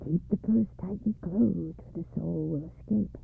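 A gravelly mid-range voice at a measured pace plays a greedy, impatient male evil spirit in a folktale being read aloud. The storyteller raises his voice, urgent and bossy as the spirit pushes others along, over a dry, narrow phone-like recording with slight hiss or hum.

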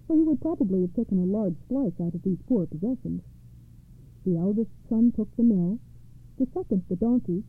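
A woman reading fairy tales aloud in a steady, rhythmic storytelling manner. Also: medium pitch, slightly rough. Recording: tinny phone-like audio.

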